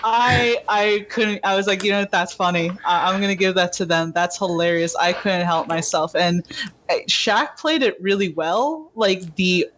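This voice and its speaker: A woman's voice: on the low side, normal speed, a little hiss or hum. Laughing woman reviewing a film. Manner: animated, laughs often, acts out quotes. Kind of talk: casual podcast chat.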